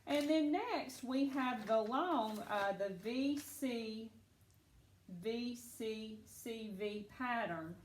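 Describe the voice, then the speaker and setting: Woman teacher, slightly high voice, unhurried and encouraging, roomy echo. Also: lively intonation, a little hiss or hum. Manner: patient, encouraging, talks children through steps. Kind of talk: recorded phonics lesson.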